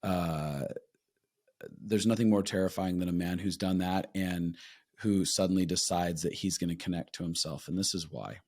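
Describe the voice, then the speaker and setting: A man's voice: low-pitched, steady tone, moderate pace, darkish tone, no echo, clean studio sound. A man who works as a marriage counselor, explaining his ideas earnestly in a casual podcast conversation and acting out what his clients say.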